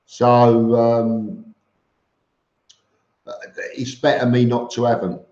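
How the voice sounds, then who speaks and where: A man's voice: mid-range voice, fairly even intonation, slow pace, dark tone. A middle-aged man with a London accent, chatting casually on a live stream in a blunt, rambling way, with many ums and restarts. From East London, England. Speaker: vlogger hosting a live stream. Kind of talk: casual live-stream chat answering viewers. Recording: roomy, slightly dull audio.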